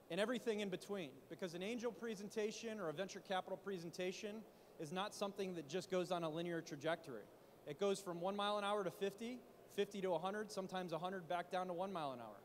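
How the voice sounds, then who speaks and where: A man speaking at a conference, coaching founders on pitching in an animated way, full of rhetorical questions. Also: long reverb tail, slight background noise. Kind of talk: startup pitch talk. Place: conference stage in a large hall. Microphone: handheld mic.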